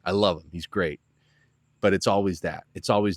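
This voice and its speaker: A man hosting a podcast, telling a rambling, animated story full of fillers. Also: low-pitched, a little fast, dry recording. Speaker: podcast host. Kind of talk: casual storytelling monologue.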